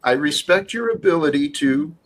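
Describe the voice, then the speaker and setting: A man in a tense argument, firm and placating, lecturing the other side to calm down. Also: on the high side, normal speed, slight background noise, rough recording. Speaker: guest in a heated debate. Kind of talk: argument, trying to calm things.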